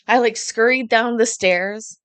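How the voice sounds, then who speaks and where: A woman's voice: fairly high pitch, unhurried, fairly bright tone, smooth, no echo. Swearing woman streamer telling a story. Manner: profane, rambling, laughing. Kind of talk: casual storytelling to a live stream.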